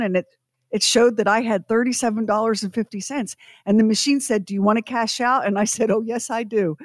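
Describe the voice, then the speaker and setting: A woman telling a personal story in an animated, emphatic way, rising to loud indignation. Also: on the high side, dry recording, clean studio sound. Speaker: guest storyteller.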